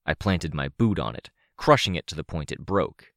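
A man reading first-person fiction aloud as an audiobook narrator, measured and vivid. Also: very deep voice, lively intonation, a bit bright, no echo, studio quality.

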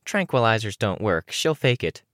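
An audiobook reader voicing a sly, smug young woman who speaks smoothly and wryly. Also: on the low side, sing-song, moderate pace, fairly bright tone, dry recording, studio quality, pitched above the performer's own voice. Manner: wry, smooth and knowing.

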